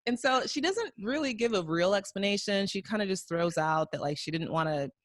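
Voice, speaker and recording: A woman co-hosting a podcast, chatting casually and acting out quotes with lively jumps in pitch. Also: fairly quick, no echo, clean studio sound. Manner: animated, acts out quotes with big pitch jumps. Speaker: podcast co-host. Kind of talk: casual recap chat.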